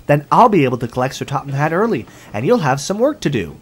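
A man voicing a cheerful small male tank engine with a brisk, upbeat way of talking. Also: a little high, big pitch swings, husky, pitched above the performer's own voice.

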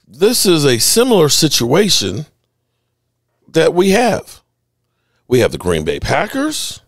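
Animated, indignant sports podcast host. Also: male voice, mid-range voice, no room sound, studio quality. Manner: animated, indignant, repeats himself. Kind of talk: ranting sports commentary over game clips.

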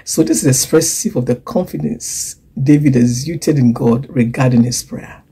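Woman preacher, gravelly raspy voice, goes loud then drops to a whisper. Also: extremely low pitch, normal speed, rough recording. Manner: dramatic swings between loud emphasis and hushed whispers; acts out quoted voices and laughs between points. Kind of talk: sermon.

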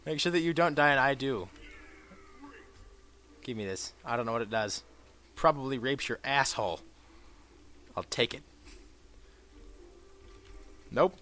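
A young man giving crude, profane commentary over a shooter game, swinging between mumbled asides and shouted bursts. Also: medium pitch, animated, moderate pace, long pauses. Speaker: gameplay commentator. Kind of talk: let's play commentary.

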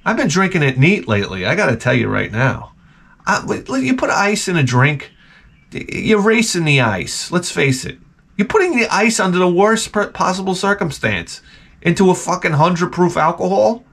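A man's voice: high voice, sing-song, moderate pace, creaky, fairly bright tone, breathy edge. A man hosting his channel, rambling casually and comically, with frequent profanity. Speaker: channel host.

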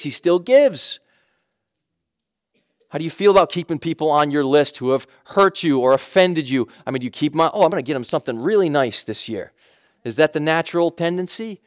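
A man's voice: on the high side, clear, resonant tone, no echo, studio quality. A man preaching a sermon in a conversational way, with emphatic repetition and frequent self-corrections. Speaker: pastor.

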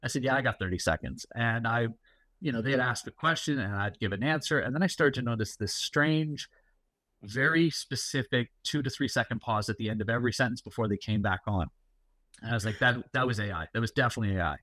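A middle-aged man, appearing as a guest security executive, talks in a casual interview with a mid-range, slightly bright voice and a somewhat quick pace. He explains at length, full of fillers and anecdotes, and the recording has no echo.

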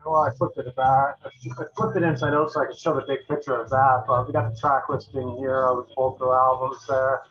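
A man's voice: mid-range voice, flat delivery, brisk, hardly any pauses, a bit bright. A man casually running through albums he owns, talking in a loose, rambling way with many fillers and restarts. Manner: enthusiastic metal fan talk. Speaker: channel host reviewing albums. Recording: dull lo-fi recording.

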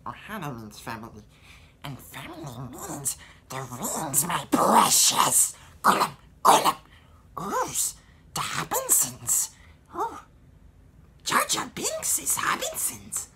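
A young man doing a raspy, phlegmy voice of a little alien creature that slides into a hissing cave-dweller, with gurgling, sing-song delivery. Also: high voice, wildly swooping pitch, takes it slowly, pauses often, a crowd in the background, voice pushed up, heavily acted. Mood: gravelly impression.

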